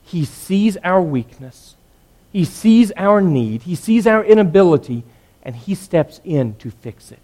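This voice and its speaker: A man preaching a sermon, earnest, swinging between loud emphatic lines and hushed ones. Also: sits high, very animated, a little slow.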